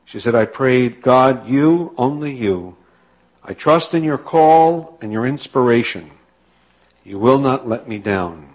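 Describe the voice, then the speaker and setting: A man preaching a sermon, narrating and exhorting in a calm, measured way. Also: medium pitch, dry recording, poor audio.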